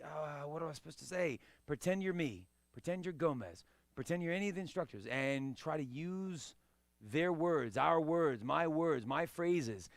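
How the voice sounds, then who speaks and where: Brief: male karate teacher, gravelly and bright, dry close sound. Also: a little high, no echo. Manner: coaching, encouraging, checks understanding often. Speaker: karate instructor. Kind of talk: live martial arts class teaching.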